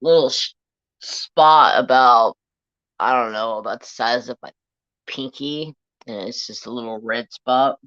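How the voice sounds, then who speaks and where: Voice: medium pitch, measured pace, a bit bright, clear, resonant tone, no echo. A crafting live-streamer chatting casually and rambling to viewers and a pet at home. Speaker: crafting livestream host. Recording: dull lo-fi home stream audio.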